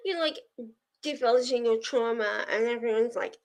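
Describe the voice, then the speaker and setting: A woman's voice: sits high, expressive, slow pace, long pauses, fairly bright tone, rough recording. A young woman hosting a live stream, chatting casually with viewers, laughing often and getting teary. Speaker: livestream host of reading sprints. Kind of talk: casual chat to a live audience.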